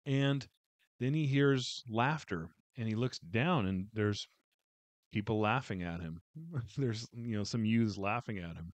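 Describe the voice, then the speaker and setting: A man's voice: lowish voice, expressive, a little slow, dry recording. A man giving a casual, heartfelt book review, rambling with many fillers and restarts.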